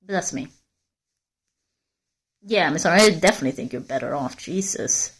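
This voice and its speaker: A woman chats on a live stream in a low-pitched voice, answering viewers by name. She rambles candidly, circling back and restarting her thoughts. She is out walking in a forest as she talks. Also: animated, brisk, breathy edge. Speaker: livestreamer. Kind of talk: casual live-stream chat.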